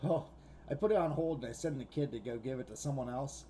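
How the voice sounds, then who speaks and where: A man's voice: a little high, fast talker, dark tone, a little hiss or hum. A man co-hosting a podcast, telling a rambling, profane story in casual chat. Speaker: podcast co-host.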